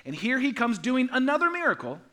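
A male pastor preaching in a church sanctuary, his voice high and bright. He moves between emphatic, rising passages and quiet, hushed ones, dropping humorous asides along the way. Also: brisk. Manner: animated, swings from loud emphatic to soft hushed delivery. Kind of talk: sermon.

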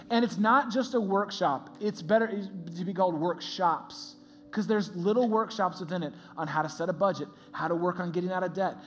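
A man preaching a sermon as a pastor in a lively, conversational way, laughing often. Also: high-pitched.

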